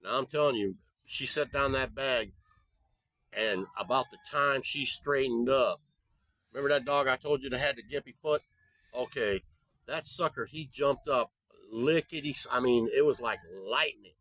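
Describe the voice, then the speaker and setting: A man's voice: medium pitch, moderate pace, fairly bright tone, dry recording. Folksy, cussing man telling a story. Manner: folksy, profane, rambling storyteller. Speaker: vlogger. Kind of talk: casual storytelling to camera. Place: abroad in the Philippines.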